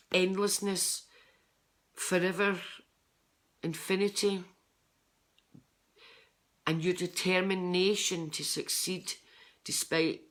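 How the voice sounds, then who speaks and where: An older woman with a Scottish accent, giving a rambling, chatty tarot card reading with lots of ums and restarts. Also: low-pitched. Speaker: psychic tarot reader.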